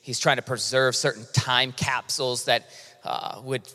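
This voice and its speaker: A male pastor preaching a sermon with impassioned delivery, swinging from quiet to loud emphasis. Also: medium pitch, fairly even intonation, a little slow. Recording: long hall reverb.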